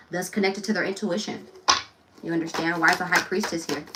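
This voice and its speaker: A woman's voice: fairly low pitch, distant mic. A woman gives a casual tarot reading in a loose, blunt, chatty way, cursing freely and laughing often. Her voice sits a little back from the mic, with a faint hiss of noise underneath. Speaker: tarot reader.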